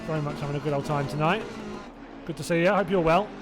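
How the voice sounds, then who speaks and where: Over music, a Hertfordshire man with a southern English accent talks quickly in a fairly high voice while commentating a live sim race. He's chatty and rambling with viewers between calls, adding self-doubting asides and chuckling to himself.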